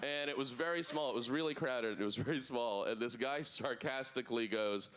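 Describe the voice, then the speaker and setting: A man doing a stand-up comedy set on a club stage, deadpan with sudden put-on voices in his bits. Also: medium pitch, a little fast, few pauses, a little hiss or hum.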